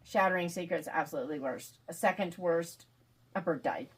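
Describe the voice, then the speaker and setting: A woman author being interviewed, chatting casually and animatedly, quick to laugh. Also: on the low side, slightly rough. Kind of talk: casual video call chat.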